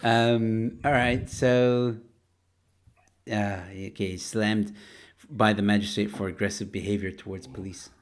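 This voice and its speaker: A man hosting a comedy panel, reading headlines in an unhurried way with many fillers and laughs. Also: fairly low pitch, little pitch movement. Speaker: host.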